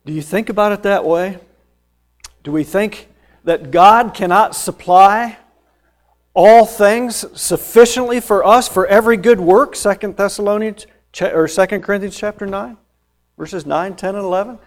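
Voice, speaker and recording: A male preacher with a slightly higher voice, delivering a sermon that walks through scripture verse by verse. He presses key phrases with rising force, then drops back to quieter explanation. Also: moderate pace. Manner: emphatic, rising to loud stressed phrases then dropping low.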